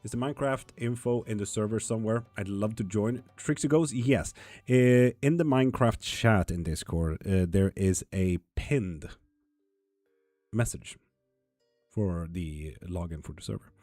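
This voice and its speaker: A man's voice: lowish voice, unhurried, dark tone, dry recording, soft background music. A man reading viewer comments aloud and answering them in a casual livestream, swearing now and then. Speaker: tarot reader streaming live.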